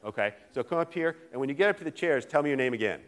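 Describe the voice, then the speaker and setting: A middle-aged literature professor from Virginia speaks in an expressive, medium-pitched voice. Talking fast to a lively classroom audience, he jokes and teases as he picks out volunteers.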